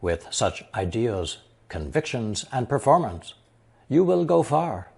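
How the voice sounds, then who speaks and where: In recorded Chinese lesson narration, a husky-voiced male teacher with a lively, swooping pitch goes through example sentences slowly, translating every one into English.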